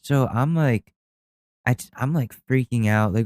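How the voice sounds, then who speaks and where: A man's voice: medium pitch, unhurried, darkish tone, dry recording, clean studio sound. A man hosting a solo podcast at home, telling stories in a rambling, self-deprecating way with lots of fillers and restarts. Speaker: podcast host. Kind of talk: casual storytelling monologue.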